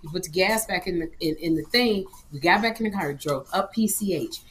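A woman's voice: lowish voice, a little fast, slight background noise. A middle-aged woman co-hosting a comedy livestream, telling a story with dramatic flair. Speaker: comedy show co-host. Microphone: livestream microphone.

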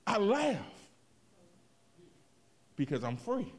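Man, pastor, sermon, animated delivery, fairly high voice, big pitch swings. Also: takes it slowly, long pauses. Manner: expressive preaching, swings from quiet to loud, vernacular asides.

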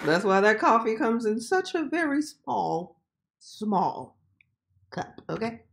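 A woman's voice: on the high side, very animated, slow, creaky, a faint crowd. A woman hosting a reaction video, chatty and exclaiming as she comments.

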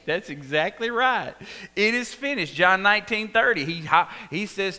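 A Texan man preaches a sermon, acting out the story with animated delivery. His voice sits high and leaps up and down with a bright edge. The sound carries a long church-hall reverb. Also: unhurried. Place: church sanctuary.

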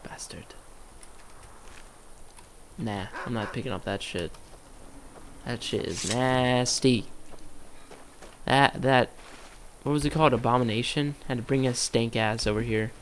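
A man talking through his gameplay in a loose, joking way, swearing freely and jumping to loud yelps when monsters appear. His voice sits at an ordinary middle pitch. A faint hum of noise runs underneath. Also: measured pace, long pauses. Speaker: gaming commentator. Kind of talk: casual let's-play commentary.

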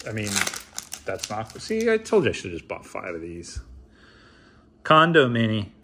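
A man's voice: on the low side, wildly swooping pitch, normal speed, background noise. A man in his thirties opening trading card packs in a casual vlog, reading names aloud with wry, mumbled asides. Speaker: card opener.

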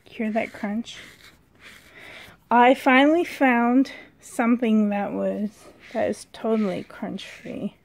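A woman vlogger chats excitedly in a dim room at home, her voice a little high and creaky. She speaks slowly and unhurriedly, sometimes dropping to a hushed whisper, in a casual vlog recorded on a handheld camera indoors.

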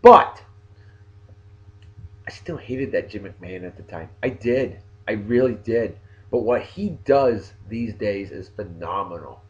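A man's voice: on the low side, a little slow, mellow, muffled recording. A man with a New England accent hosting a casual video blog, joking as he talks straight to his viewers. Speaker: vlog host giving shout-outs.

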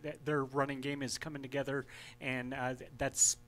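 A man's voice: mid-range voice, flat delivery, normal speed, a bit bright, soft background music. A man who produces a radio sports show, chiming in casually and easygoing.

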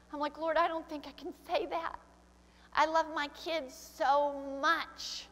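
A woman's voice: sits high, fairly bright tone, long reverb tail. An older woman pastor preaching a sermon, emotional and tearful, slipping into prayer. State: crying. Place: church sanctuary.

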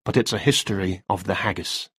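A man's voice: deep voice, fairly quick, bright, forceful tone, breathy edge, no room sound, clean studio sound, full character voice. A man voicing a nervous male freelance writer in a story reading, talking in a hesitant, defensive way.

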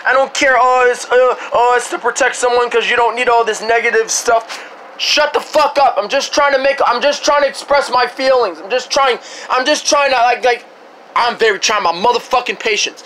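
A man's voice: extremely high pitch, normal speed, bright, forceful tone, a little hiss or hum, rough recording. A man in an angry rant, swearing heavily and stumbling over repeated restarts. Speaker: vlogger. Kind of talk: angry ranting to camera.

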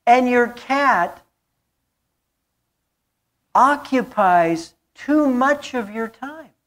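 A woman's voice: a little high, animated, extremely slow. A woman pastor preaching a sermon, telling a story and repeating key phrases for emphasis.

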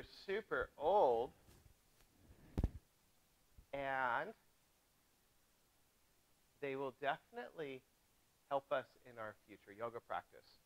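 Slow-spoken male yoga teacher. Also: medium pitch, no room sound, low-quality recording. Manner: gentle, step-by-step cueing. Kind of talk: guided yoga class instruction.

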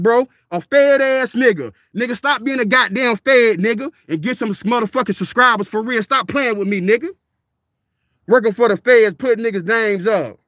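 A man, speaking very high for a man, rants on a livestream. He is blunt and profane, hammering the same lines over and over. The sound is dry and close, with no room echo. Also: a bit bright. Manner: profane, confrontational, repeats himself. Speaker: dog breeder and livestreamer. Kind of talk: livestream rant.

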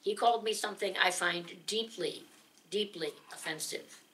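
A woman telling a humorous story live at a gathering, dramatic and lively, laughing along as she goes. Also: mid-range voice, normal speed, slight background noise. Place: gathering of singers, indoors.

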